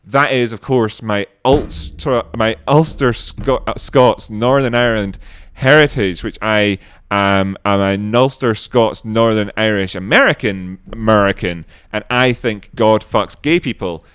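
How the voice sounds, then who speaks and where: A man voicing a bigoted American rally protester who proudly stumbles over his heritage, in a low, clear, dry voice. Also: a little slow, fairly bright tone, no echo. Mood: smug.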